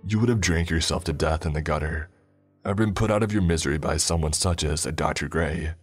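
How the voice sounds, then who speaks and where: Brief: man doing a cruel unseen prophet, very deep, cold, mocking, garbled. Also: fairly quick, husky, soft background music. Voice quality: garbled, distorted. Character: cold disembodied male cult prophet, cruel, commanding.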